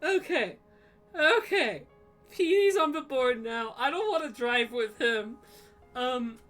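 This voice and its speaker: Giggly, bright-voiced young woman streaming. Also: high-pitched, lively intonation, takes it slowly, faint music behind. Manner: giggly and profane, breaks into fits of laughter. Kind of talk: casual chat on a livestream.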